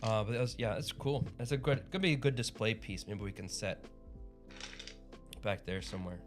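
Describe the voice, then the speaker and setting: A man's voice: on the low side, a little fast, music in the background. A man hosting a livestream in casual chat, rambling and upbeat with frequent chuckles. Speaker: livestream host.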